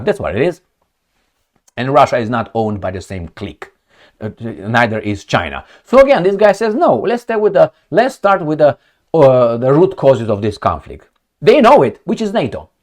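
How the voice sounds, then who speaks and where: A man's voice: medium pitch, darkish tone. Heated, sarcastic male political commentator. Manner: mocking retorts and rhetorical questions. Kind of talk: reading headlines and commenting.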